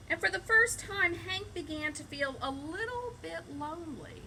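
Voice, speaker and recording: Expressive woman teacher reading a storybook. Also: very high-pitched, normal speed, hardly any pauses, a little hiss or hum, low-quality recording. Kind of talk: reading a picture book aloud to young children.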